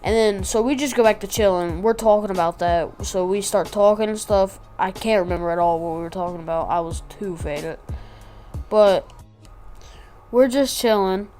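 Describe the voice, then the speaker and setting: A woman's voice: medium pitch, normal speed, warm tone, faint music behind. A woman vlogger telling a casual story, rambling and slangy with lots of asides.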